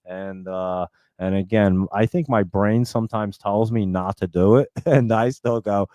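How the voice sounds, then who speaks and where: A man's voice: on the low side, fairly even intonation, a little slow, warm tone, dry recording, dull audio. A man hosting a live stock trading stream, chatting in a loose, rambling way with casual swearing and plenty of fillers.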